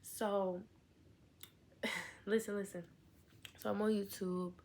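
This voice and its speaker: A woman's voice: medium pitch, little pitch movement, slow pace, a little mellow. A young woman vlogging in casual, candid chat, rambling on with asides and fillers.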